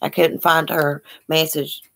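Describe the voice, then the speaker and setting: A woman's voice: low voice, little pitch movement, a little slow, creaky. A woman hosting a casual livestream, reading viewer comments aloud and answering with sympathy in a chatty, folksy way. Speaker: livestream host.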